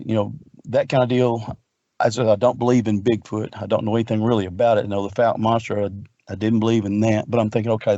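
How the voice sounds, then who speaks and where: A middle-aged guest researcher tells a long personal story in casual fashion, earnest and rambling, often repeating himself. His voice is fairly low and darkish, and the dry recording has its highs cut off.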